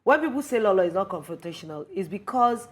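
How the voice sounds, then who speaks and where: Expressive woman on a studio panel. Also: medium pitch, quick pace. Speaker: panel guest. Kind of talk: casual panel chat. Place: television studio.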